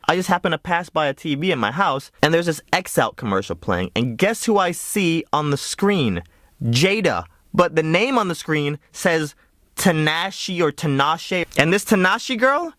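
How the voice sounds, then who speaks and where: A man telling a comedic story to camera in an exaggerated way, his pitch jumping around a lot. The sound is close and dry, with little room around it. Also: normal speed, no room sound. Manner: animated and exaggerated. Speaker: YouTuber.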